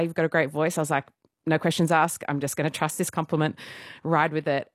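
A woman in her thirties, a musical theatre performer, telling stories as a guest in a casual radio interview, animated and self-deprecating, laughing often. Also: low voice, no echo, clean studio sound.

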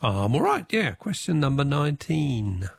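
An Australian man hosting a radio quiz, reading questions and taking callers briskly. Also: a little high, sing-song, vocal fry, slightly rough, no echo, studio quality.

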